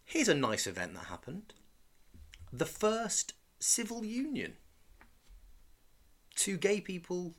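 A man's voice: sits high, wildly swooping pitch, slow pace, pauses often, fairly bright tone. A man co-hosting a casual chat, rambling and correcting himself as he goes. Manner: rambling, chatty, self-correcting. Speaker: podcast co-host.

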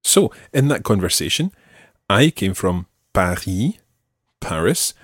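Low-voiced man teaching French. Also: very animated, slightly rough, no room sound, clean studio sound. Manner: slow, carefully enunciated model phrases. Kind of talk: language lesson.

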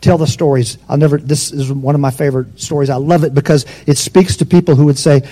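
A pastor preaching a sermon, swinging between loud emphatic peaks and soft, low asides. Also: male voice, fast talker.

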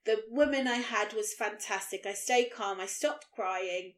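A woman's voice: medium pitch, a little slow, fairly bright tone, echoey room. A woman in her thirties, a podcast co-host telling a story in casual chat, acting out the people in it with laughter. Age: 30s.

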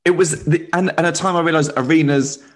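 A man's voice: on the high side, fairly even intonation, fast talker. Man telling a touring anecdote. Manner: anecdotal storytelling with laughs. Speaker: stand-up comedian. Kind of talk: casual chat.

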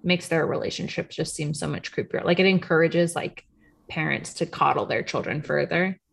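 A woman's voice: deep voice, normal speed, vocal fry, slightly rough. A young adult woman co-hosting a podcast in casual chat, sarcastic, laughing often and swearing freely. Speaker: podcast co-host.

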